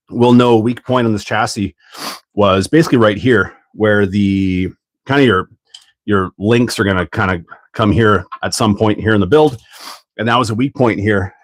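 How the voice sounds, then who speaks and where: A man hosting a casual livestream while building a kit, rambling and thinking out loud, often laughing. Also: lowish voice, dry recording.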